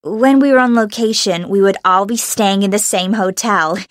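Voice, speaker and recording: A woman's voice: mid-range voice, moderate pace, no room sound, clean studio sound. A young American woman from Los Angeles, an actress answering interview questions in a bubbly way and laughing often. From Los Angeles, USA.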